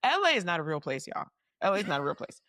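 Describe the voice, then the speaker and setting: A woman co-hosting a podcast, chatting and telling a story in an animated way with frequent laughs. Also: on the low side, dry recording, studio quality. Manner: animated, laughing, jumps in with quick asides. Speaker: podcast co-host. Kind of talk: casual chat and storytelling.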